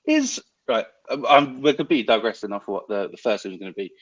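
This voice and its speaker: A man's voice: mid-range voice, expressive, no echo. Aussie cohost guy asking stuff, voice jumps all over, dry kinda dull audio. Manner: curious, quick probing questions. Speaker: podcast co-host. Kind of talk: casual podcast chat.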